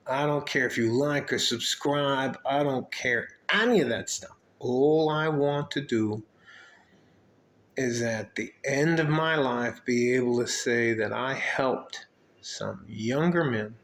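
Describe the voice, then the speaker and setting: Talking directly to the camera in a casual vlog, an older man who mentors and coaches young men rambles from topic to topic, swearing often but sounding fatherly. His voice is mid-pitched, slow and fairly bright, and the roomy space gives it an audible echo.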